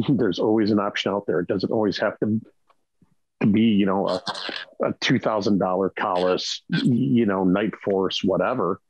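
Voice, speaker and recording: A man's voice: lowish voice, normal speed, husky, no echo, highs cut off. A man on a podcast panel chatting casually and emphatically, often checking in with "right?". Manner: emphatic, keeps asking "right?".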